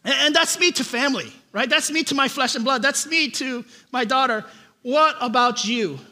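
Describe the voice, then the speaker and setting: A man preaching a sermon, telling a family story with lively, animated delivery and frequent repeated starts. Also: extremely high pitch, normal speed. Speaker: pastor.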